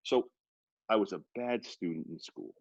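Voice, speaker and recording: A man in his fifties from Worcester, Massachusetts, a radio personality telling rambling, animated anecdotes in a casual interview. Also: fairly low pitch, moderate pace, highs cut off, noisy background. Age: 50s.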